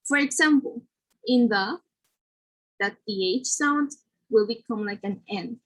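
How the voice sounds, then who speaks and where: A woman's voice: on the high side, unhurried, pauses often, low-quality recording. A woman presenting a phonetics lesson, explaining pronunciation rules carefully, with fillers like "like" and "uh".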